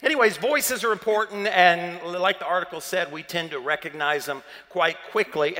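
Bright-voiced Southern pastor in a hall. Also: male voice, high-pitched. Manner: playful, chatty, quizzing the congregation. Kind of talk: sermon.

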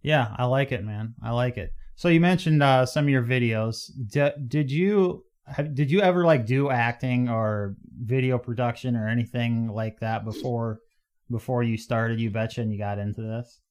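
Male podcast host, chatty and rambling, mid-pitched. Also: moderate pace, darkish tone, smooth. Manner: rambling, searches for words. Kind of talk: casual interview conversation.

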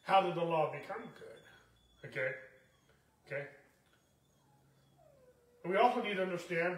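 A man preaching a sermon, his voice pitched high for a man. He presses his points with repetition and keeps checking in with the listeners. The sound is roomy and echoey, as if picked up from some distance away from the mic. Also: moderate pace, pauses often. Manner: emphatic, repetitive preaching with many "okay?" asides. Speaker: pastor.

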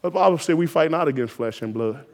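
Male preacher, high voice, fervent exhorting sermon delivery with loud peaks. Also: lively intonation, fast. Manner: exhorting, call-and-response rising to shouted emphasis.

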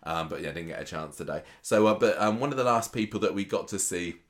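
Low-pitched male podcast co-host, gossipy and hesitant. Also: lively intonation, fast. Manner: chatty, gossipy, hesitant with fillers. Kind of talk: casual chat.

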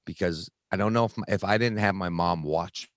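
A man earnestly telling a personal recovery story in conversation, halting, with many restarts and fillers. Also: low-pitched, no echo, studio quality. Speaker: guest sharing recovery story.

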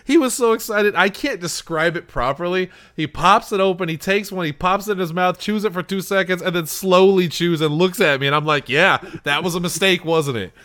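Guy hosting a chat show, bright tense voice, a bit high, loud jokey storyteller. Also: brisk, hardly any pauses, dry recording. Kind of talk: casual chat.

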